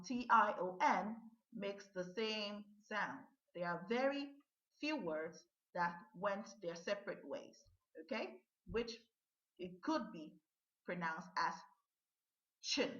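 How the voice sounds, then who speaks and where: A woman's voice: mid-range voice, fairly bright tone. Woman teaching pronunciation, stretches words out, keeps asking okay, roomy echo. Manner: slow, drawn-out modeling of words, frequent "okay?" checks. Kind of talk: pronunciation lesson. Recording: dull lo-fi sound in an echoey room.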